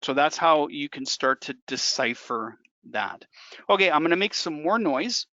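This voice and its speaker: A man's voice: on the high side, expressive, moderate pace, sharp tone, dry recording. A man working as a dental technician instructor, walking through a hands-on demonstration in a conversational way and repeating key points for emphasis. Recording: dull dry lo-fi recording.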